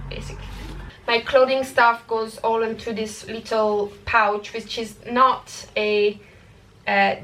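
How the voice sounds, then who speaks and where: A woman's voice: fairly high pitch, fairly bright tone. Chatty young woman filmed from a distance. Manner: chatty, many fillers and restarts. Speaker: hiking vlogger. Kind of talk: casual gear walkthrough. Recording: voice a little far from the mic.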